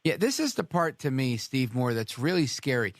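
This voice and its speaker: A man's voice: mid-range voice, sing-song, moderate pace, dry recording, clean studio sound. A man hosting a radio talk show, chatting with his guest in a conversational, agreeable way. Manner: conversational, agreeing, chuckling along.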